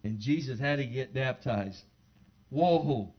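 A man preaching a sermon in a church, talking conversationally to his congregation and building to loud, fervent exclamations. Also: mid-range voice, takes it slowly. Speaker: pastor. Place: church sanctuary. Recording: dull lo-fi sermon recording.

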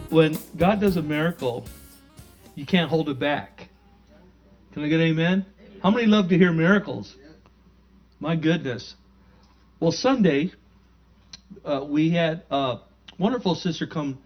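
A male pastor telling a story in a sermon, conversational and animated, acting out the dialogue himself. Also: on the high side, unhurried, long pauses, soft background music.

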